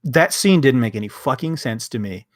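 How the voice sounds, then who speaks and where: A young man co-hosts a casual review chat, ranting, swearing and acting out lines in quick bursts. His pitch sits in the middle of the male range. The recording is dry and close, with no room sound. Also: animated, dry recording. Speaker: podcast co-host.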